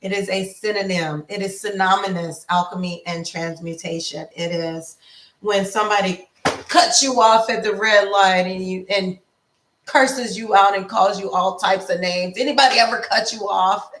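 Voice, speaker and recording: A woman life coach giving a casual motivational talk, slow and repetitive in an affirming way. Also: mid-range voice, steady tone, a bit bright, reverberant, recorded from a distance. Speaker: lifestyle coach.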